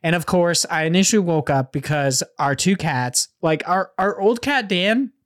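A man's voice: high-pitched, lively intonation, moderate pace. A man co-hosting a podcast, telling a rambling, profane story in casual chat. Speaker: podcast co-host.

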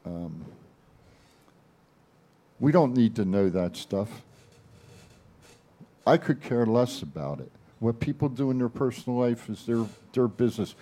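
A man's voice: medium pitch, lively intonation, unhurried, long pauses, mellow. An older man on a wrestling chat podcast, talking in a blunt, folksy, emphatic way. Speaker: panelist nicknamed Chief.

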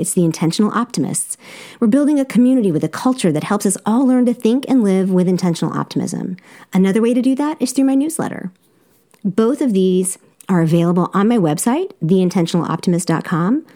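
A woman's voice: medium pitch, warm tone. A woman with a Southern accent, a life coach hosting a podcast, talking directly and encouragingly to her listeners with easy laughs. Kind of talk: solo podcast coaching talk.

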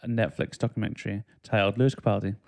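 Man, podcast host, low and gravelly voice, easygoing chat that breaks off to read facts aloud. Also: flat delivery, quick pace, darkish tone. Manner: reads facts aloud, laughs at clumsy wording. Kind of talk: casual chat.

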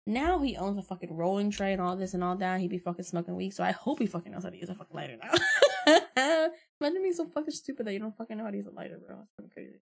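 A woman's voice: mid-range voice, animated, racing, vocal fry, hardly any pauses, darkish tone, breathy edge. A woman in her early twenties, a podcast host telling stories in a blunt, casual way with heavy swearing. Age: early 20s. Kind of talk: casual storytelling.

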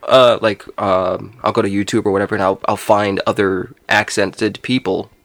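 A man's voice: on the low side, level tone, normal speed, a bit bright, dry recording. A man co-hosting a podcast, chatting casually in a loose, rambling way with plenty of swearing and laughter. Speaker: podcast co-host. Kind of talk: casual chat.

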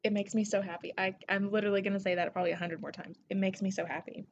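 A woman from Tennessee with a Southern accent, hosting her podcast in an excitable, gushing, casual way that swears freely. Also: mid-range voice, racing, muffled recording, a little hiss or hum. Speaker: podcast host. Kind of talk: casual solo podcast shout-outs.

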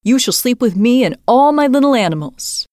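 A headstrong little robber girl, spoiled and wild, as a woman reader puts her on, pitched up high and pushed loud. She talks in bossy demands, recorded close in a dry space. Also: lively intonation, normal speed, no room sound, close to an everyday voice.

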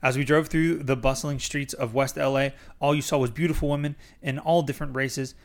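A young man reads his own memoir aloud on his podcast in a mid-pitched voice. He trips over words now and then and restarts the sentence. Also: fairly even intonation, fairly quick, creaky. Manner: stumbles over words and restarts while reading. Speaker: podcast host reading his own book.

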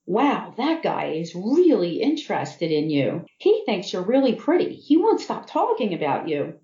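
A woman voicing a kind, loyal teenage girl best friend who speaks sweetly and soothingly, with a gentle teasing edge. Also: mid-range voice, huge pitch swings, unhurried, reverberant, highs cut off. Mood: caring.

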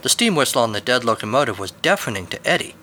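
A man narrating a story for his podcast in a middle-pitched voice with a bright, crisp edge. His delivery is dry and wry, measured like a reading. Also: sing-song, a little hiss or hum.

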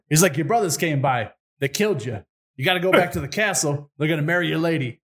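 Brief: slightly high-voiced man, podcast co-host spinning a folk tale with crude jokes. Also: a bit bright. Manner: irreverent, swears, fast retold dialogue. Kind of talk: casual comic storytelling.

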